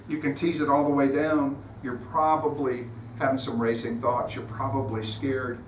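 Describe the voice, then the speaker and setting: A guest speaker delivers an informal sermon in a church sanctuary, telling stories in an earnest, conversational way. His voice is a little high, bright and forceful. The mic is distant in a roomy hall, with faint noise.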